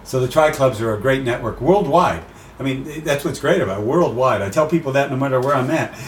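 A man speaking as an interview guest in casual conversation, animated, acting out quoted voices as he tells stories. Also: mid-range voice, fairly quick, echoey room, far from the mic, a little hiss or hum, low-quality recording. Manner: animated storyteller, acts out quotes. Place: outdoors by the sea.

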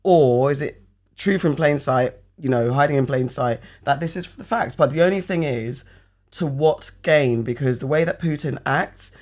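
A man co-hosting a casual podcast chat, talking in an animated, rambling way and swearing casually. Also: medium pitch, moderate pace.

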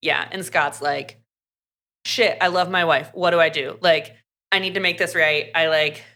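Bright-voiced woman recapping a book. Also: low-pitched, steady tone. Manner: chatty, fast recap full of "like" and acted quotes. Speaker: podcast co-host.

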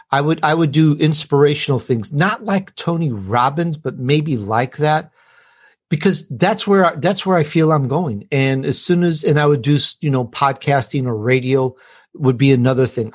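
A man's voice: mid-range voice, breathy edge. A man guesting on a podcast, talking with enthusiasm and rambling a little with restarts. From Italian heritage. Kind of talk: podcast interview.

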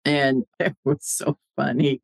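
A woman's voice: a bass voice, takes it slowly, creaky, no echo. A woman guest in a casual chat, telling stories with lots of laughter and acting out what people said. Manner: animated storyteller, laughs often, acts out quoted dialogue.

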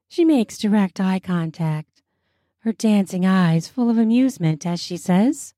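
A woman narrating a story in a slow, soft, intimate way. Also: medium pitch, expressive, dry recording, clean studio sound. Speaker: storyteller and host.

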